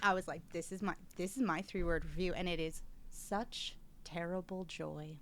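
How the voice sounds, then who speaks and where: A woman co-hosting a podcast, chatting casually and gushing excitedly about films. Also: fairly low pitch, fast, no echo. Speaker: podcast co-host. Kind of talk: casual chat.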